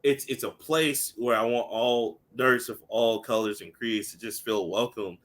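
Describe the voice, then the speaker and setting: Laid-back, lively male podcast host. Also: mid-range voice, unhurried. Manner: animated, imitates friends loudly, laughs often. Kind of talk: casual interview chat.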